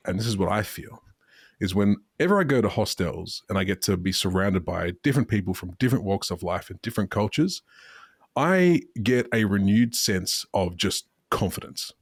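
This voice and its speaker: A man's voice: lowish voice, husky, no echo, studio quality. An Australian man hosting a podcast, chatting casually in a rambling way and often restarting his sentences. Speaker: podcast host. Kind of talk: casual banter.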